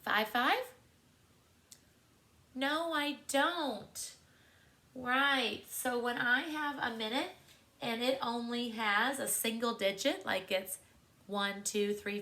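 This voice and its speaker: Bright, slow-speaking woman teacher. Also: mid-range voice, creaky. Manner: encouraging, sing-song questions to children. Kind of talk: classroom lesson to young students.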